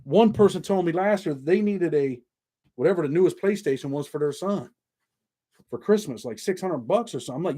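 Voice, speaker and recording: A man's voice: on the high side, expressive, a little fast, dark tone, breathy edge. A middle-aged man hosting his own channel, talking to viewers in a blunt, streetwise and profane way. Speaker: YouTube channel host. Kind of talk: casual monologue to viewers.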